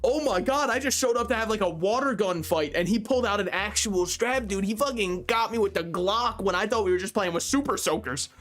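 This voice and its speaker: A man's voice: sits high, a little fast, few pauses, a bit bright. A young man streaming a video game, joking and rambling in loose, swearing chatter. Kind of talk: casual gaming stream chatter.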